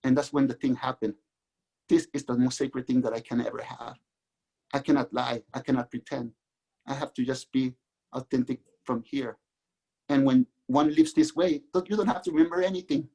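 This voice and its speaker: A middle-aged man from Mexico, a guest author, telling his own life story in an earnest, halting way with many restarts. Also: medium pitch, creaky, warm tone, slightly rough. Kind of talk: candid personal storytelling.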